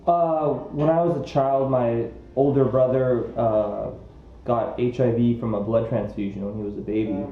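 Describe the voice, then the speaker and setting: A man's voice: mid-range voice, steady tone, normal speed. A man volunteer answering an interview in an earnest, reflective way. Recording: echoey, dull lo-fi sound, faint music.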